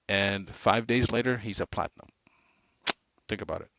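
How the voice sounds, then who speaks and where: A man giving a motivational sales training talk, animated, shifting his inflection and speed for emphasis. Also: lowish voice, moderate pace, gravelly, long pauses, no echo. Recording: dull lo-fi dry recording.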